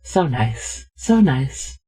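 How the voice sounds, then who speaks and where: A man voicing a creepy, odd toymaker who talks slowly, repeats himself softly and sounds unsettling. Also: medium pitch, sing-song, breathy edge, full character voice.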